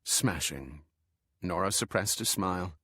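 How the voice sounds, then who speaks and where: A man narrating an audiobook in a measured, steady way. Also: medium pitch, no echo, clean studio sound.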